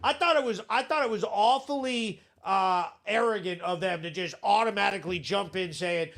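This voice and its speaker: A man's voice: high voice, big pitch swings, normal speed, few pauses, a bit bright. A man hosting a live show, ranting bluntly and sarcastically in casual commentary, swearing freely. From Vermont.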